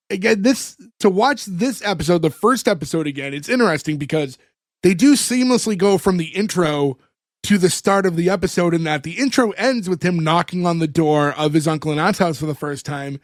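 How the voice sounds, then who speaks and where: Man, podcast co-host, high voice, dry close sound, rambling recap with fillers. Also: brisk, no echo. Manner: rambling, fillers and chuckles while retelling scenes. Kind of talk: casual chat recapping an episode.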